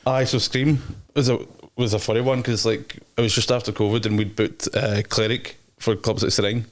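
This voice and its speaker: A man's voice: lowish voice, fairly even intonation, normal speed. A young Scottish man, a DJ and promoter, telling rambling, slangy anecdotes as an interview guest. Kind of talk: casual interview chat.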